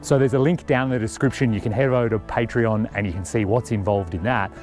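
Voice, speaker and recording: A man's voice: fairly low pitch, steady tone, quick pace, a little mellow, faint music behind. A man, chatting upbeat to camera outdoors as a travel vlogger, explaining things with enthusiasm. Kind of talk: casual vlog talk to camera. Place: outdoors at a campsite and a windy picnic table.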